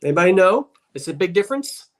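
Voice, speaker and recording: A man's voice: sits high, sing-song, fast. A man with a South Jersey accent co-hosting a live video stream, chatting with viewers, curious and full of restarts. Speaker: livestream co-host. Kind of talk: casual live-stream chat.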